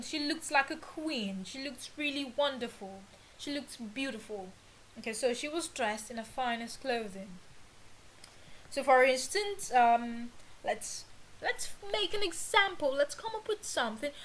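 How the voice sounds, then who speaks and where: A woman gives an English idiom lesson with a high, light voice. She speaks slowly and deliberately, repeating each phrase so her learners can follow. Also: animated, a bit bright, slight background noise, poor audio. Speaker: English teacher. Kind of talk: idiom lesson, slow and explanatory.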